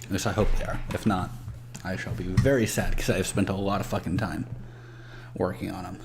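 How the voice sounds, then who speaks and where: A man with a lowish voice chats casually while streaming a game. He thinks out loud and swears freely. The recording carries a clear layer of background noise. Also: steady tone, brisk. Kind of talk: casual gameplay chat.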